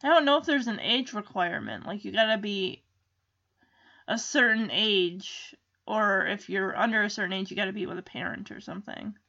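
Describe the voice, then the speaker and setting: A woman's voice: mid-range voice, normal speed, gravelly, sharp tone, dull audio. A woman vlogger chatting casually in an exclamatory way as she reacts and comments. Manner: chatty, exclamatory, lots of ooh.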